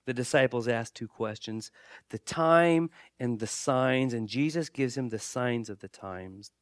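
A man's voice: mid-range voice, unhurried, no room sound. Conversational preacher man, dry close sound. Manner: conversational preaching with joking asides; repeats and restarts phrases. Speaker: pastor. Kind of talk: sermon.

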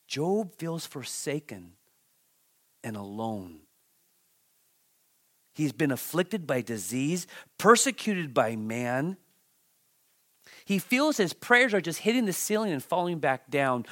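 Slow, dramatic preacher man, fairly high voice. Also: sing-song. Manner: dramatic, swings from loud outbursts to hushed near-whispers; halting, repeats words and restarts. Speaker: pastor. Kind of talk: sermon, Bible teaching.

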